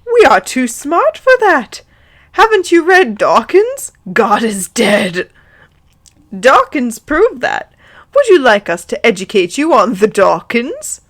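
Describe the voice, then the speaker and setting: A woman's voice: on the high side, sing-song, takes it slowly, a bit bright, heavily acted. A woman voicing a snobbish, sneering middle-aged aunt in a fanfic reading. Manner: sneering, screechy, sickly sweet.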